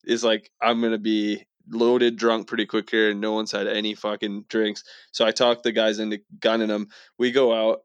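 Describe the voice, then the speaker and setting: A young Canadian man with a low voice talks in a laid-back way, cursing freely as he tells a boastful story. The sound is dry and close to the mic. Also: dry recording. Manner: laid-back, swears freely, playful bragging. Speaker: podcast co-host. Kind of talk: casual chat.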